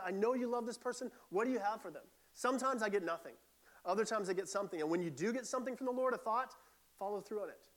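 A middle-aged man with a high voice preaches a sermon earnestly and conversationally, often restarting his sentences.

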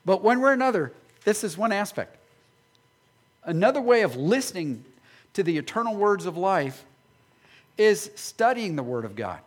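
A male pastor preaching a sermon, animated and acting out imagined voices of his listeners. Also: high-pitched, moderate pace, long pauses.

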